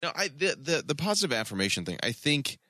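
Wry sarcastic man, casual podcast chat, lively swooping delivery, dry close sound. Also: fairly high pitch, fast talker, no echo. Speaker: podcast co-host.

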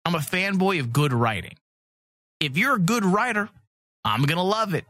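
A man's voice: high voice, very animated, moderate pace, pushed and bright, no room sound, clean studio sound. A man hosting a comics podcast, talking in blunt, profane, rambling casual chat. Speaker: podcast host.

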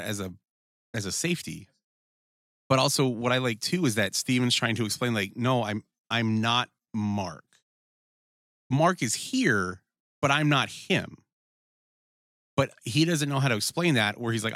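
A man's voice: medium pitch, a bit bright, dry recording, clean studio sound. Profane, rambling podcast guy. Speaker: podcast co-host. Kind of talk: casual chat about a TV series.

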